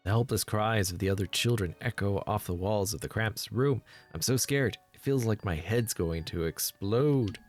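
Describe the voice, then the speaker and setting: A man's voice: moderate pace, few pauses, soft background music, lightly acted. A man reading the inner thoughts of a frightened, tied-up schoolgirl in a game, his voice rising when she panics. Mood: panicked. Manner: reads the inner monologue aloud, pitching up when panicked. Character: frightened bound schoolgirl, teenage, helpless. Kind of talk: let's play voice reading.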